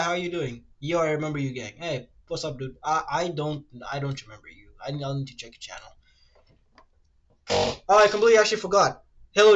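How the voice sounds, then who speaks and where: A man streaming casually while he draws, rambling and ranting, swearing freely and reading web answers aloud in a quick mumble. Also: a bit bright. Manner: rambling, ranty, swears freely, fillers like "low-key" and "like"; reads web search results aloud in a rushed mumble. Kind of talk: casual livestream chat while drawing.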